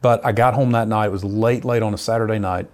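A middle-aged man, a missionary, telling his personal testimony in an earnest, lively conversational way. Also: lowish voice, fast talker. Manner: earnest storyteller, lively retelling.

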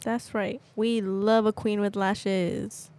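A young woman co-hosting a casual podcast, giggly and excitable, teasing her co-host. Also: mid-range voice, slow, a little hiss or hum. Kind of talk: casual chat.

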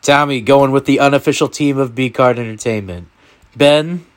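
A man hosting a casual sports picks podcast with friends, running the games in a playful, animated way. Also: medium pitch, normal speed. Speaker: podcast host.

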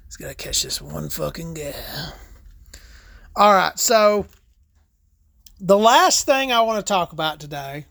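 Bright-voiced, rambling woman. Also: on the low side, expressive, unhurried, creaky, pauses often, no room sound, clean studio sound. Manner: rambling, profane, laid-back storytelling; smoking and sipping between topics. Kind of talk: casual monologue.

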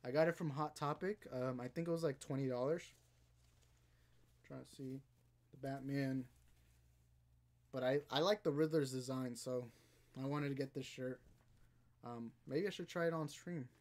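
A man's voice: medium pitch, steady tone, normal speed, long pauses, darkish tone. A young man casually chatting on a livestream, rambling and reading viewer comments aloud. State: out of breath. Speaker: livestream host.

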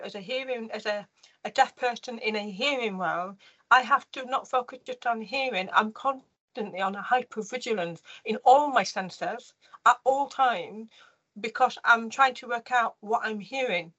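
Bright-voiced woman, earnest. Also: on the high side, muffled recording. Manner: earnest, emotional, halting restarts. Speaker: interview guest. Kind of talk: personal storytelling in conversation.

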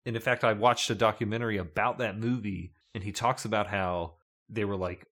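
A man's voice: lowish voice, fairly even intonation, quick pace, a bit bright. A man co-hosting a casual podcast, chatting in a jokey way and laughing often. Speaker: podcast co-host.

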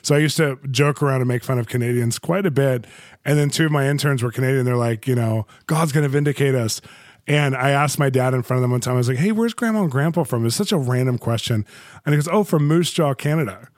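A man's voice: medium pitch, steady tone, quick pace, no echo, clean studio sound. A man from the United States hosting an interview podcast, enthusiastic and joking, laughing often as he chats. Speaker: podcast host. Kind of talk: casual interview chat.

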